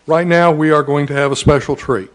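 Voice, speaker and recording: A man, a school district administrator, giving a formal public speech in a measured way with frequent "uh" pauses. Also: a little high, steady tone. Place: school event audience setting.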